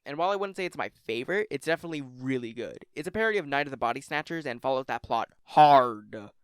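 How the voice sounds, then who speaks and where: Fast, lively young man ranking episodes. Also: medium pitch, clear, resonant tone, dry recording, clean studio sound. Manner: rambling, swears, jokey asides. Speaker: YouTube list host. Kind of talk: casual commentary countdown.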